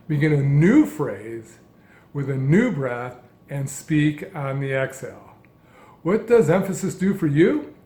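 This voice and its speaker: A man giving a calm, measured lesson as a speech coach, speaking in deliberate phrases. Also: fairly high pitch, echoey room. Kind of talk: instructional narration.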